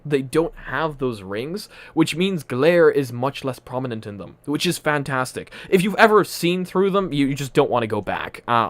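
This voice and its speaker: A man's voice: a little high, dry recording. A man from Poland with a mixed, partly Irish accent, casually chatting and rambling on a live stream with frequent laughs from a home room. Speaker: livestream host. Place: home room with a ring light.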